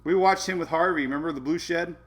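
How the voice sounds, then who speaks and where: A man's voice: on the high side, quick pace. A man hosting a casual weather live stream, chatty, laughing often and talking to his dogs between updates.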